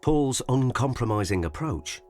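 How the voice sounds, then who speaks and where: A man narrating a documentary in a scripted, measured and expressive way. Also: mid-range voice. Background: background music.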